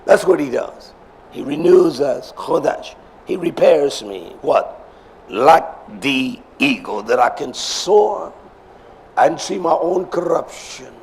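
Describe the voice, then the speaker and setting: A male preacher delivering an emphatic sermon, swinging between shouts and low murmurs and repeating phrases for emphasis. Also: sing-song, takes it slowly, vocal fry, a little hiss or hum.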